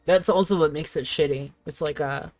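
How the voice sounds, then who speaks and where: A woman streamer chats casually while playing a game, in a lowish voice. She swears freely and sounds offhand and amused. Faint music plays in the background. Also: normal speed, a little mellow.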